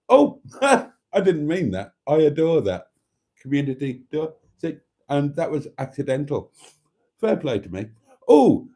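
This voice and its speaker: This Welsh livestream host has a fairly high pitch yet a dark tone. He keeps the chat casual, reading viewers' comments in a chatty, camp, theatrical way.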